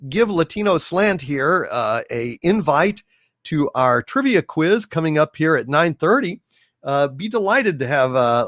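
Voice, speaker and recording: A man's voice: a little high, a bit bright, no room sound, studio quality. A man hosting a casual livestream, thanking donors and telling jokes, with a hesitant delivery full of "uh"s. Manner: hesitant, many filler "uh"s, jokey. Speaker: livestream host.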